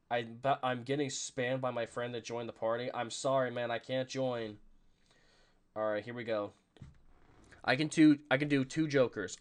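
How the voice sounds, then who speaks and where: A man hosting a podcast, reacting to a live game, rambling with lots of fillers and jumping into excited play calls. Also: mid-range voice. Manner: rambling and self-conscious, full of fillers. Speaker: podcast host.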